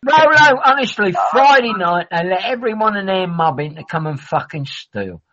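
A man's voice: sits high, lively intonation, moderate pace, a bit bright. A man, chatting in a rambling, jokey way and swearing freely. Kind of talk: casual rambling chat. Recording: dull lo-fi audio.

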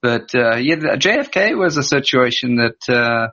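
A man telling a story in a halting way, full of pauses and fillers. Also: medium pitch, lively intonation, bright, forceful tone. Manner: halting, many fillers, hesitant. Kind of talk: casual chat. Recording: dull lo-fi audio.

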